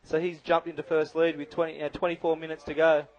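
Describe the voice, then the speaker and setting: A man's voice: a little high, level tone, fast, muffled recording. A man giving live color commentary on a bodyboarding contest, chatty and analytical with lots of "you know".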